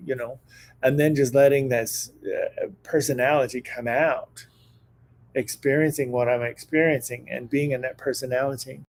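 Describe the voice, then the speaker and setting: Man telling a story, animated. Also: medium pitch, normal speed, low-quality recording. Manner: animated storyteller who acts out quoted dialogue. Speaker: psychic medium. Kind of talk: casual storytelling chat.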